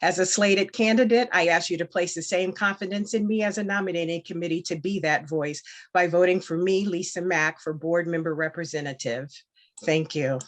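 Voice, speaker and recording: A woman running for a board seat gives a campaign speech and then takes questions, earnest and emphatic, though she hesitates with fillers when off script. Her voice is on the low side at normal speed.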